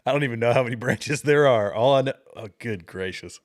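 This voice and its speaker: A man's voice: mid-range voice, brisk. A middle-aged man hosting a livestream, chatting casually with viewers, rambling and chuckling at clips. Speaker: livestream host.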